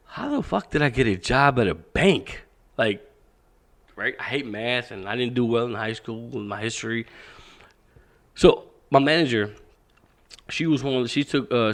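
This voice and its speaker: Animated man telling stories, swearing. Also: lowish voice. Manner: animated storyteller, swears freely, acts out dialogue. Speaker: podcast guest, fitness and boxing coach. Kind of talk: casual storytelling.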